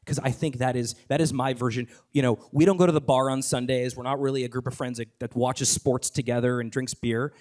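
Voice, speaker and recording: A man talking onstage as a podcast host, enthusiastic and rapid, with many fillers, restarts and the odd swear word. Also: medium pitch, fairly even intonation, a little mellow. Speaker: podcast host and guest speaker. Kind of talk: live onstage conversation.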